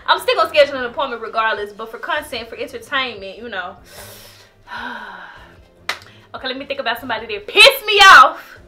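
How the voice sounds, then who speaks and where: A woman's voice: on the high side, expressive, fairly quick, sharp tone, faint music behind. A woman talking casually in a home vlog, dramatic and laughing, often crying out that she is scared. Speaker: vlogger.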